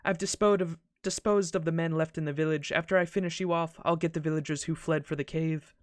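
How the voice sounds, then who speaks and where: A man voicing a sorrowful, serenely cruel knight archer from a game, reading his lines in a calm, soft and measured way. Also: a little high, no room sound, clean studio sound, pitched above the performer's own voice, close to an everyday voice. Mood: coldly serene.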